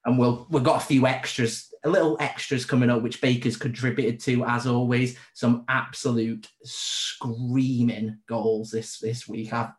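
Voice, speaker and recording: A man's voice: medium pitch, steady tone, measured pace, hardly any pauses, reverberant. A man hosting a casual football podcast from home, rambling and swearing through laughing banter. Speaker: podcast host. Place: home during lockdown.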